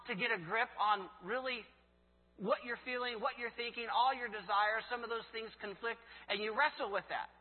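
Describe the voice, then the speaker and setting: A man's voice: sits high, slightly rough. A man preaching a sermon, reading scripture aloud and asking his listeners rhetorical questions. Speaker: pastor. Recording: phone-like sound, long reverb.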